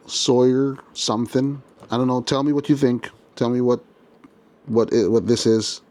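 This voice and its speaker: A man talking through a toy unboxing in a loose, chatty way, with a voice of middling pitch. He is excited about small details, stops often to restart a thought, and talks straight to his viewers. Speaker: toy reviewer. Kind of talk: casual unboxing commentary.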